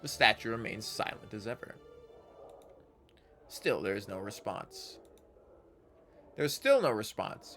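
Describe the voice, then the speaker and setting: A man's voice: mid-range voice, bright, forceful tone. A man streaming a game, reading its text aloud and rambling casually with his chat, correcting himself as he goes.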